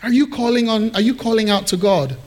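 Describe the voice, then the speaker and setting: High-pitched guy preaching in church, jokey and teasing, asks the crowd stuff. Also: brisk, darkish tone. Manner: playful, teasing the congregation. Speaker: pastor. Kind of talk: sermon. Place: church hall with congregation.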